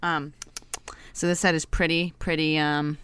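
A man's voice: on the high side, little pitch movement, a little slow, noisy background. A man co-hosting a podcast in casual chat, goofy and playful, full of silly wordplay. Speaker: podcast co-host.

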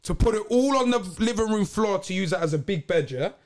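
A man's voice: high-pitched, lively intonation, quick pace. A young man with a London accent telling a frank story in a casual podcast chat, often checking that his listeners follow. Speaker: podcast guest.

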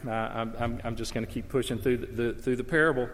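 A man's voice: medium pitch, fairly even intonation, fast, a bit bright. A man preaching a sermon, earnest and emphatic, pressing hard on his key points. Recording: long reverb of a large hall.

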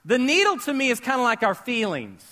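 Preaching at a fairly quick pace, this pastor has a high, bright voice and an animated, friendly manner before his live church audience. He jokes, quizzes the listeners, and lets his voice climb to shouts at key moments.

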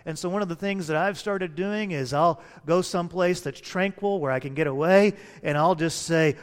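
A pastor delivers a sermon, telling stories with humor and shifting his pace. His voice sits higher than most men's. The sound carries a long reverb from a large hall. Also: normal speed, hardly any pauses.

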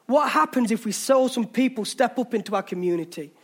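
High-voiced English preacher, rousing. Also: male voice, lively intonation, fairly quick, slightly rough. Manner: passionate, exhorting, jokey asides. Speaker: pastor. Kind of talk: sermon. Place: church hall.

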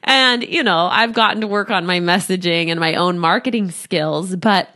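A woman in her thirties hosting a solo podcast as a coach, talking to a studio microphone, animated, often laughing and acting out quoted voices. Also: lowish voice, moderate pace.

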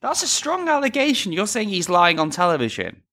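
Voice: mid-range voice, wildly swooping pitch, brisk, pushed and bright. A British podcast host who chats casually, tells stories with animation and slips into mimicking other voices.

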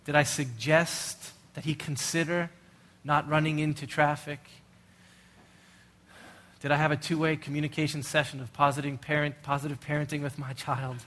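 A man's voice: on the high side, flat delivery, moderate pace, fairly bright tone. A middle-aged male pastor preaching a sermon in an earnest, urgent way, full of rhetorical questions.

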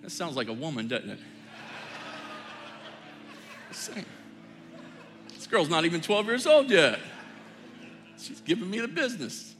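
A middle-aged man preaching a sermon as pastor, telling family stories in a relaxed, joking, conversational way. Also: high voice, moderate pace, pauses often, a little hiss or hum. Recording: long hall reverb.

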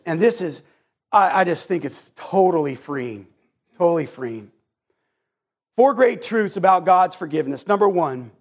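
High-voiced husky man preaching. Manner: earnest, repeats words, acts out prayers. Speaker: pastor. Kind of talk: sermon.

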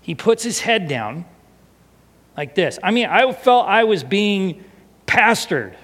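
This pastor speaks slowly in a high-sitting voice while sharing a personal story from the pulpit. His telling is lively and expressive, occasionally sinking into quiet emotion, with the sound echoing through a long hall reverb.

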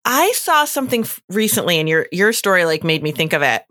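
A woman's voice: on the low side, sing-song, fairly quick, a bit bright, dry recording, clean studio sound. A woman co-hosting a podcast, talking casually and bluntly, with the odd swear word. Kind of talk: casual conversation.

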